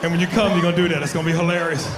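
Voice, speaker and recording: A man performing a live stand-up comedy routine, loud and animated, shouting his punchlines and slipping into silly voices. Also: on the high side, rapid-fire, crowd noise. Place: comedy club stage. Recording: roomy live venue with audience noise. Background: audience laughter.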